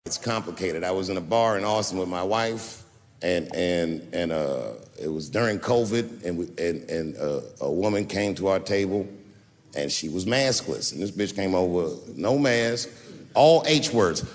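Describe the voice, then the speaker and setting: A man doing stand-up storytelling, animated and profane, swinging between loud bursts and hushed asides. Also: low voice, normal speed, low-quality recording. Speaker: stand-up comedian.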